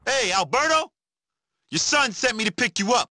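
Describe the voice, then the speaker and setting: An actor playing a dry-witted ex-soldier criminal in a video game, talking in a sarcastic, deadpan way. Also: male voice, very high voice, normal speed, heavily acted.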